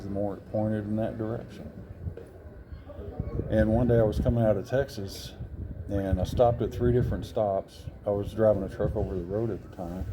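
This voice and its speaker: With crowd chatter and a noisy background behind him, a man in his sixties speaks in a voice on the low side. He's an interview guest recounting a personal story, earnest and rambling, with frequent self-corrections.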